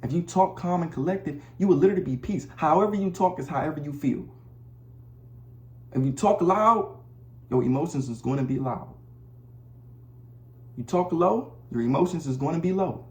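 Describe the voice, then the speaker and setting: Man with a slightly high voice, blunt and repetitive, preaching to the camera in a roomy space. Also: lively intonation, normal speed, long pauses. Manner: blunt, preachy, slangy, repeats himself. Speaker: vlogger. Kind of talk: casual advice monologue to camera. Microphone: camera mic.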